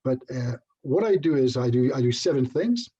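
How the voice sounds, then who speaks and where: A man's voice: mid-range voice, animated, normal speed, warm tone, breathy edge, muffled recording. A middle-aged Scottish man giving a casual online presentation as a hypnotherapist, chatty and self-deprecating, with little jokes. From Scotland.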